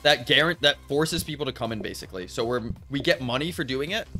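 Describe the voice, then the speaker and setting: A man's voice: mid-range voice, animated, fast talker, pushed and bright, soft background music. A man streaming a cooking game with friends, casually explaining the mechanics in rambling, restarting sentences. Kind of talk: casual gaming chat.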